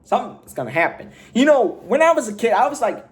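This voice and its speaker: A man with a high-pitched voice talks through a movie plot in a loose, rambling way. He leans on fillers and offhand slang as he recaps. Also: big pitch swings, fast talker. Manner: rambling, filler-heavy storytelling. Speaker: movie reviewer. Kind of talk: casual movie review recap.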